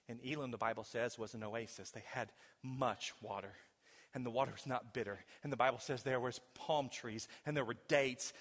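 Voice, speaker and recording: A man preaching a sermon in a church, telling a story dramatically and swinging between loud and hushed delivery. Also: medium pitch. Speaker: pastor. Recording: long hall reverb.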